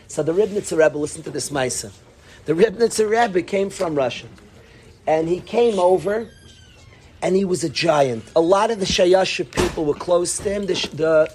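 High-voiced, impassioned rabbi. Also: male voice, darkish tone, slight background noise. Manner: impassioned, scolding, repeats and restarts phrases. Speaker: yeshiva rabbi. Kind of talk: mussar talk to students.

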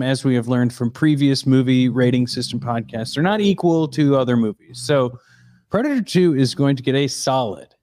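A man's voice: mid-range voice, darkish tone. A man co-hosting a podcast, chatting casually and joking as he steers the movie rating. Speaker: podcast co-host. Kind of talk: casual movie review chat.

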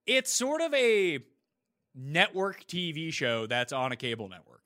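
Casting: bright-voiced male co-host, blunt and opinionated, animated casual chat. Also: on the high side, unhurried. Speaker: podcast co-host.

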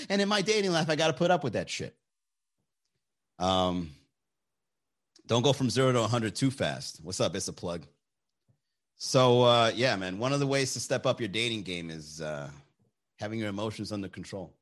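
A man's voice: on the low side, normal speed, long pauses. A man hosting casual chat with his viewers, giving blunt, profane, opinionated dating advice. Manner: animated, shifts voice for quotes.

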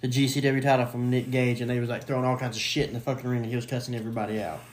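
Man, casual podcast chat, very quick talker, swearing, mid pitch. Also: flat delivery.

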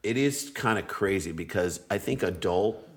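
Animated low-voiced man telling a story. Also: normal speed. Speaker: comedian guest. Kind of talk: casual storytelling chat.

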